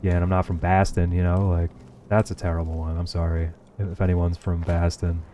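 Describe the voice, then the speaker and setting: A man's voice: deep voice, little pitch movement, a little fast, warm tone, slight background noise. A man with a New Jersey accent, streaming a game and chatting casually with his viewers, swearing freely and often laughing. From United States. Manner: profane, laid-back, laughs often. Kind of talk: casual chat while gaming, reading chat.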